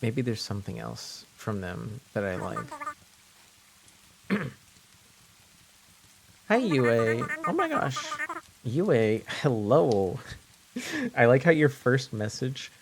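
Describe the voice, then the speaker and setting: Male streamer from French Canada, unhurried delivery, playful, rambling chat that loops back on itself. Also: medium pitch, very animated, creaky, slight background noise. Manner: rambling, joking, repeats himself. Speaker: live streamer.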